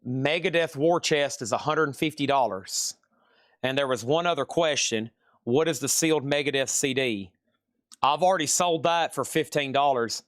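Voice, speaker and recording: A man's voice: medium pitch, moderate pace, no room sound, studio quality. A man with a Southern US accent hosting a live sales stream, chatty and repeating prices and buyer names.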